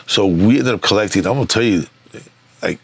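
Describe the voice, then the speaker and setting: A man's voice: on the low side, a little fast, gravelly, breathy edge, dry recording. A middle-aged man, a magazine founder, telling stories in a casual, profane interview, repeating words and acting out quotes. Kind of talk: casual storytelling.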